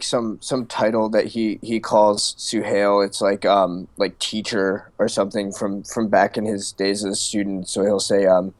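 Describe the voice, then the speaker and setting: Man, very slow, hesitant, low voice, dry close sound. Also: a little mellow, dry recording. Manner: hesitant, halting, filler-heavy. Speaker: player in a story game. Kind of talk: casual game narration.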